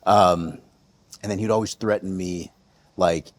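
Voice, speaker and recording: A man in his forties with a low, husky voice, talking as a podcast guest. He tells his stories loosely, circling back with fillers and restarts. His tone is easygoing and conversational. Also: a little slow. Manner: relaxed, storytelling with many fillers and restarts. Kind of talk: reflective interview storytelling.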